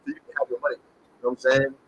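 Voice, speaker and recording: A man's voice: mid-range voice, huge pitch swings, rapid-fire, a bit bright, muffled recording, slight background noise. A man who calls himself a shaman, talking casually to camera. He rambles, repeats himself, and keeps checking in with "okay?". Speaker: self-styled shaman and spiritual reader. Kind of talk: casual direct-to-camera pitch.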